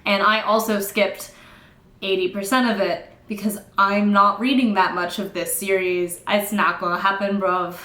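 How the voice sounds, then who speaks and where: A young woman recapping a novel in casual, sarcastic, exasperated chat, acting out the characters in quick asides. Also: medium pitch, fairly even intonation, a bit bright. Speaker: book reviewer. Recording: echoey room.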